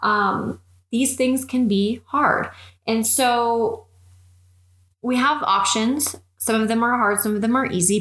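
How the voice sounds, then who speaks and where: A woman fitness and nutrition coach giving advice in an earnest, encouraging way and acting out little bits of dialogue. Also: on the high side. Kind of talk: advice monologue. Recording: echoey room.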